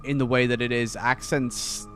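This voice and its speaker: A man's voice: medium pitch, flat delivery, moderate pace, a bit bright. Male streamer, casual rambling chat over a game, faint music behind. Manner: rambling, many fillers and restarts. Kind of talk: casual chat while gaming.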